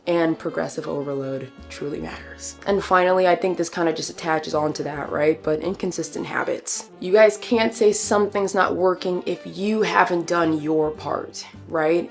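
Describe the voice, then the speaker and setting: A woman fitness coach talking in a casual, chatty vlog, sassy and teasing, often dropping to a soft, confiding voice for asides. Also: on the low side.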